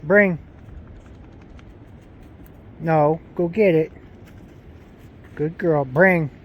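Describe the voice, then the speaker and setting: A man's voice: fairly high pitch, very slow, phone-quality sound. A man casually narrating his beekeeping work outdoors, rambling and breaking off to talk to his dog. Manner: relaxed, rambling, talks to his dog between steps. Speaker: beekeeping vlogger.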